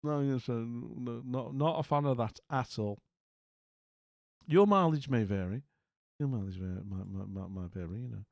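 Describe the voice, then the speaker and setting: A man's voice: mid-range voice, normal speed, gravelly, dry recording. A man hosting a casual live chat, wry and rambling, often trailing off into mutters. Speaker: livestream host. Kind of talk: casual live chat reacting to house listings.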